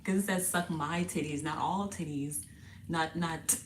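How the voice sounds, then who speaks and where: A woman hosting a casual tarot reading video, chatty and slangy, laughing often and sounding a bit parched and husky. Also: sits low, steady tone, unhurried, slight background noise. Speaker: tarot reader and channel host. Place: indoors, sitting on the floor.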